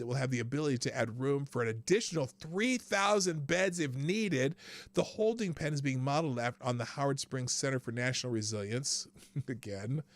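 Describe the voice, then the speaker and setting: A man hosting a live news commentary stream, ranting sarcastically, swearing freely and laughing between sentences. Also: medium pitch. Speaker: show host.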